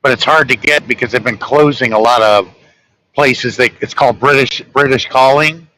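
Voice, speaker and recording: A man with a Southern American accent chatting casually and telling folksy, relaxed stories. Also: mid-range voice, normal speed, a little hiss or hum, low-quality recording. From southern United States. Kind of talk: casual chat.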